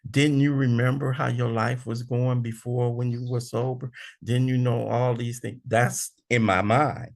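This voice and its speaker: Gravelly older man leading a big book study. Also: mid-range voice, flat delivery, a little slow. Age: 60s. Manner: preacherly, acting out his own arguments. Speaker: recovery meeting speaker.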